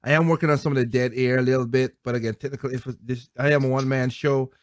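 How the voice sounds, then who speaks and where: A man's voice: medium pitch, fairly even intonation, quick pace, dry recording. Rambling male podcast host. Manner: rambling, laughs often. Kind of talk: casual chat reading viewer comments.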